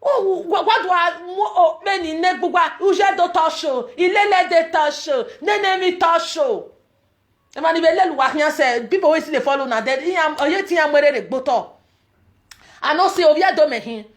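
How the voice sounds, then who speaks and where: Woman, Nigerian Pidgin accent, vlogger, very high pitch, emphatic ranting delivery. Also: normal speed. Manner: emphatic, repetitive, loud outbursts. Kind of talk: ranting commentary.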